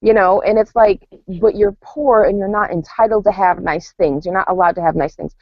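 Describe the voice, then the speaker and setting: Podcast co-host, woman, animated casual storyteller, dry dull lo-fi recording. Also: medium pitch, brisk, no echo. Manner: animated storytelling with acted-out quotes and laughter. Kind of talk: casual chat. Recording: dull lo-fi sound.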